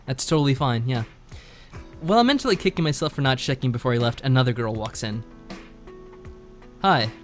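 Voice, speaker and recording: Laid-back male streamer reading game narration with an animated lilt; soft music underneath. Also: medium pitch, a little fast, pauses often. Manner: laid-back, reads narration aloud with lively inflection. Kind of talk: casual game chat and reading aloud.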